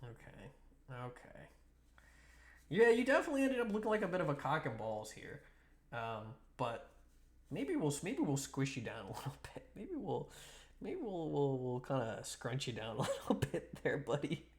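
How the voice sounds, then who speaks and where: This young streamer's mid-range voice swings widely in pitch at a moderate pace as he sculpts clay dolls live. He ribs his audience in a loose, playful ramble, restarting often and laughing plenty.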